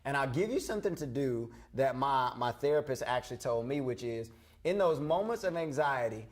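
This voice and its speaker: A man's voice: medium pitch, expressive, normal speed. A young man co-hosting a church youth show, chatting casually and joking. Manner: playful, jokey, boastful about words.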